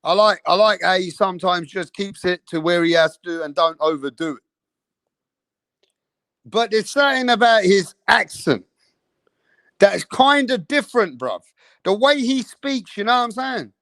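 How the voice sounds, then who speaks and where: A man hosting a live boxing stream, talking in a streetwise, slang-heavy way and keeping up a steady chat straight to the viewers. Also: sits high, moderate pace, dry recording. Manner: streetwise, slang-heavy, keeps saying bro and bruv. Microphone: streaming setup mic.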